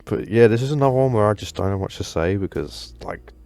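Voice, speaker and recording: A man's voice: fairly low pitch, lively intonation, fast, vocal fry, darkish tone. A man hosting a casual commentary video, enthusiastic and rambling, with lots of fillers. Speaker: gaming video host.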